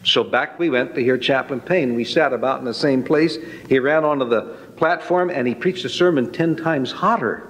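A man's voice: medium pitch, normal speed, hardly any pauses, slight background noise. A man giving a spoken personal testimony, telling it as a folksy, dramatic story. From Northern California. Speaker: testimony speaker. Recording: long hall reverb.

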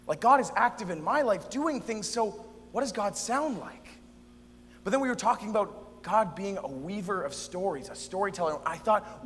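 A man performing a dramatic spoken-word monologue, expressive and shifting between soft and loud. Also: high voice, long reverb tail, a little hiss or hum. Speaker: performer in a youth event drama sketch.

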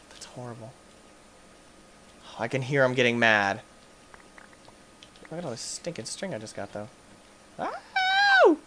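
A man hosting a gaming channel, giving let's play commentary as he plays, excitable and yelping and shouting in panic at the game's monsters. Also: medium pitch, a little hiss or hum.

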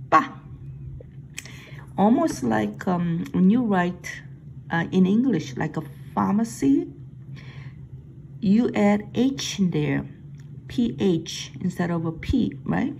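A middle-aged woman with a Korean accent leads a Korean alphabet lesson, speaking very slowly and with patience. Her voice carries a gravelly edge. A faint noise hums under the recording. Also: mid-range voice, warm tone, low-quality recording. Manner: patient, repeats sounds slowly and stresses them. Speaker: language teacher.

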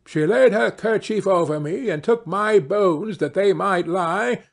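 A man's voice: high-pitched, a little slow, gravelly, pitched above the performer's own voice, exaggerated voice. A man voicing a murdered little boy reborn as a bird, chanting his song in a sing-song way.

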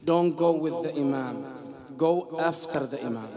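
A man's voice: on the high side, a little slow. A man giving a short talk as imam, correcting the congregation emphatically and repeating his points. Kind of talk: sermon. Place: mosque prayer hall with congregation. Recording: crowd heard in mosque hall.

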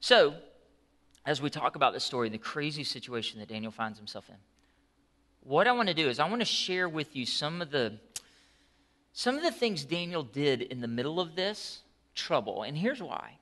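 Animated pastor with a bright voice. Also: male voice, on the high side, moderate pace. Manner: animated storytelling, conversational asides. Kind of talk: sermon.

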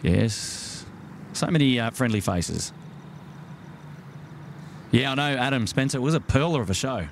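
At night on a waterfront jetty, an Australian man hosts a casual live stream, greeting viewers one by one in an easy, conversational way. His mid-range voice is gravelly and measured, with long pauses, frequent fillers and restarts, and faint outdoor noise behind it.

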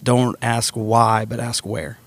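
A man, a football coach guest, telling animated stories in casual podcast chat. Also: mid-range voice, slow pace, creaky. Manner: storytelling, animated, acts out quotes. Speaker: football defensive coordinator guest.

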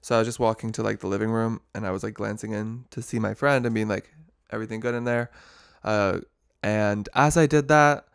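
A man co-hosting a podcast, recounting a story in a relaxed, casual chat. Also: on the low side, brisk, vocal fry, clear, resonant tone. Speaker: podcast co-host.

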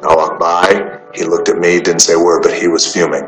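A man talks in a low, unhurried voice, recounting stories from his life between pauses and fillers. The sound carries a roomy echo, with a faint bed of music underneath. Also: little pitch movement, fairly bright tone. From United States. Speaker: interview guest. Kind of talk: casual storytelling.

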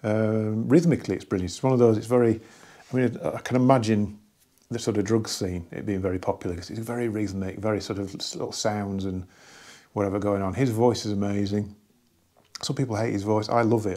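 A man with a lowish, steady, warm voice casually talks through an album from his record collection in a hobby vlog. He rambles enthusiastically, with many pauses and restarts.

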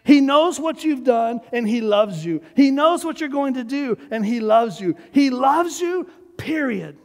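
A man's voice: extremely high pitch, expressive, unhurried, a little mellow. A man preaching a sermon as pastor, emphatic and urging the congregation to repeat his words. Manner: emphatic, urges the congregation to repeat after him. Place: church sanctuary. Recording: long hall reverb of a church sanctuary.

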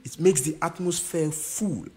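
Keyboard music sounds behind a man whose mellow, husky voice sits on the high side as he casually teaches the instrument. He keeps asking "you understand?" and speaks haltingly, restarting and repeating himself. The room gives off a long reverb.

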